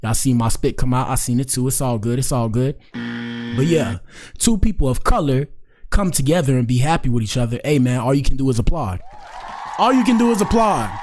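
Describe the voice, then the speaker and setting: A man's voice: mid-range voice, darkish tone. Slangy man riffing as host. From United States. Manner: slangy, rambling, chuckling asides. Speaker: show host. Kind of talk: casual riffing commentary.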